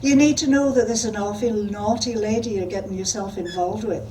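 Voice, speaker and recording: A woman's voice: medium pitch, fairly quick, dark tone, echoey room, natural voice. Woman putting on a drawling Scottish drag queen. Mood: teasing, theatrical. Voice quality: breathy drawl. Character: brash Glaswegian drag queen, cheeky and theatrical. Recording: distant mic with background noise.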